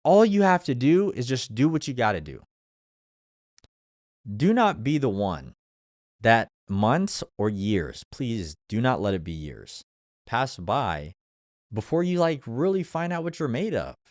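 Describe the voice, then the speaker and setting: A man's voice: medium pitch, very animated, a little slow, a little mellow, dry recording, studio quality. A man hosting his own show, giving a blunt, profane motivational talk and laughing often. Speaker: podcast host. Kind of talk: motivational monologue.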